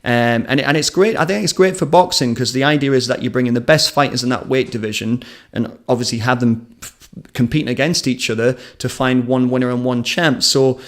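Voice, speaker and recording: A man's voice: mid-range voice, brisk. A man hosting a live combat sports stream, talking in a chatty, rambling way and telling anecdotes in a studio.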